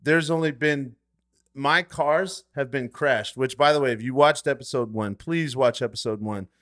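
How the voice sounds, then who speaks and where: A man in his thirties co-hosting a podcast, telling a story in casual chat, animated and swearing, acting out quotes. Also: medium pitch, normal speed. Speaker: podcast co-host.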